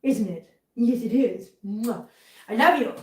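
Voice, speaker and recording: A woman's voice: a little high, measured pace, warm tone. A woman hosting a casual livestream from her kitchen, chatty and emotional, cooing at her cats between chatting with viewers. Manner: emotional, chatty, coos baby talk at cats. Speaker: livestream host. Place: home kitchen. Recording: roomy echo, voice from far off.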